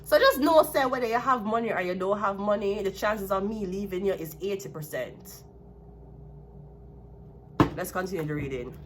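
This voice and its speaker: A woman's voice: medium pitch, normal speed, long pauses, background noise. Blunt Jamaican woman ranting over tarot. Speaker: tarot card reader. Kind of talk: solo tarot reading monologue.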